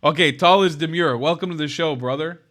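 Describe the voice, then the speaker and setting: A man's voice: on the high side, fairly quick, fairly bright tone. A man hosting a live call-in stream, chatting casually with callers, laughing often and speaking bluntly. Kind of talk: casual chat, debating callers.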